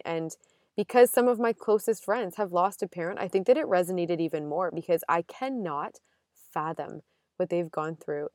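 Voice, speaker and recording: A young adult woman hosting a casual solo podcast, chatting emotionally with quick asides and restarts. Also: low-pitched, a little mellow, no echo, clean studio sound. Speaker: podcast host.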